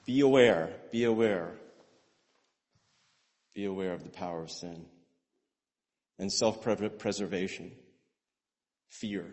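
A man preaching a sermon in an animated way, with rhetorical questions and repeated words. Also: low voice, slow pace, pauses often. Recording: long hall reverb.

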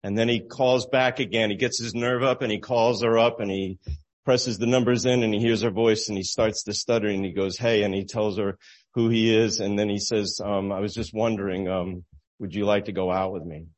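A man telling a moral story at an easy, halting pace, chuckling now and then, in the manner of a sermon illustration. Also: lowish voice. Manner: relaxed, halting storyteller who laughs at his own story.

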